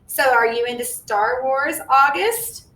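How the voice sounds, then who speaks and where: A woman voicing a cheerful, kindly female schoolteacher, bright and encouraging in her manner. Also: a little slow. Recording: echoey room, distant mic, faint rumble.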